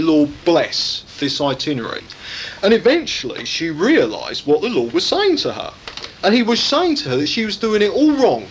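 Male preacher, high voice with a lively, swooping delivery; emphatic sermon style, keeps pressing rhetorical questions. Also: a little hiss or hum, low-quality recording.

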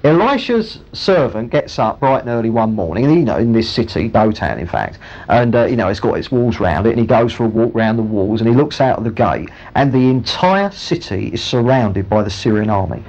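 A man preaching a sermon, retelling a Bible story with lively storytelling. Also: lowish voice, a little fast. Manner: storytelling, animated, acts out the characters. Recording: muffled lo-fi recording.

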